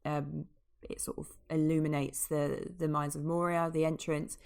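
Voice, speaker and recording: A deep-voiced woman co-hosts a casual podcast chat. She rambles with enthusiasm, drops half-finished sentences and circles back to her point. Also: little pitch movement, normal speed, creaky, darkish tone, smooth. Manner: chatty, enthusiastic, trailing off mid-sentence. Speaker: podcast co-host.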